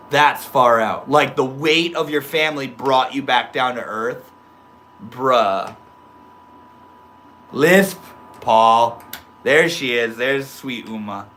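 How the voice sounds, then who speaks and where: A young man hosting a casual livestream from home, reading chat comments aloud and reacting with easygoing slang and swearing, dropping from soft murmurs to sudden loud excited outbursts. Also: medium pitch, slow pace, slight background noise. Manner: swears casually, laid-back stoner slang.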